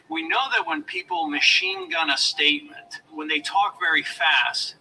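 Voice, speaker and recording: A former law enforcement officer giving a motivational lecture, coaching his audience in a deliberate, demonstrative way, recorded from a distance. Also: fairly high pitch, sharp tone, a little hiss or hum.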